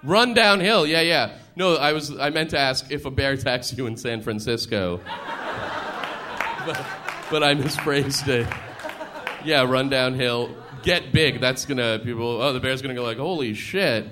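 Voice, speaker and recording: A male comedian with a mid-range voice banters with the audience, chatty and laughing through his bits. A clear layer of noise sits under the live stage recording. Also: medium pitch, normal speed. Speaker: stand-up comedian. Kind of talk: stand-up with crowd work.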